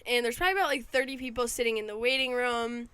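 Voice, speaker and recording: A woman's voice: a little high, fast talker, clear, resonant tone, no echo. Young woman telling a wild story. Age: young adult. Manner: animated storyteller, lots of "like" fillers. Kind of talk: casual storytelling chat.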